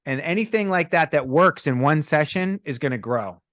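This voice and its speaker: A man's voice: a little high, moderate pace, no room sound, studio quality. A middle-aged man, a breathwork coach in a podcast interview, telling stories and acting out the people in them. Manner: animated storytelling, acts out quoted people.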